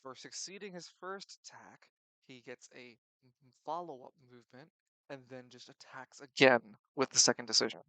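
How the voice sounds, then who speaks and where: A young man narrating a tabletop game as game master, animated, swinging between loud and quiet and stumbling over his words. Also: mid-range voice, normal speed, no echo, poor audio.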